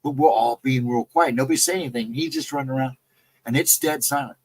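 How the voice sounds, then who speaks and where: Speaking fast in a slightly rough, mid-range voice, a guest storyteller on a live stream rambles through a ghost story from a camping trip. He loosely repeats himself and keeps saying "I mean" and "you know." The recording sounds rough.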